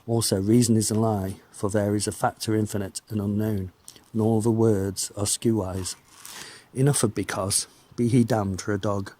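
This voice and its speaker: A man giving a measured, declamatory reading of an old religious text. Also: lowish voice, darkish tone, slightly rough. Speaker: reader.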